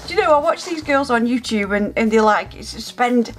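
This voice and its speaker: Gushing woman with a higher voice. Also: normal speed, soft background music. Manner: gushing, excitable, lots of gasps and exclamations. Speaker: nail art channel host. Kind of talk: casual unboxing vlog.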